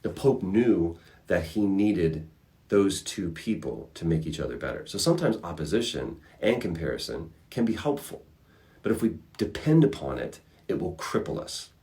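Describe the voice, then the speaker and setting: A man hosting a casual livestream, answering fan questions with reflective advice and animated storytelling. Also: low voice, moderate pace. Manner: animated storyteller acting out characters.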